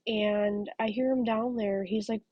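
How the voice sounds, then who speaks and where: A woman's voice: medium pitch, steady tone, measured pace, no echo, muffled recording. Chatty woman crafting at home. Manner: chatty, rambling storyteller, drops to soft asides. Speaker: crafting vlogger. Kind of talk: casual chat while crocheting.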